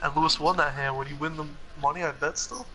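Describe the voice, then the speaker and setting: A man's voice: on the high side, steady tone, quick pace, sharp tone, a little hiss or hum, rough recording. A man playing a game with friends over voice chat, defensively explaining himself and laughing easily. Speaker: fellow player. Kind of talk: casual gaming chat.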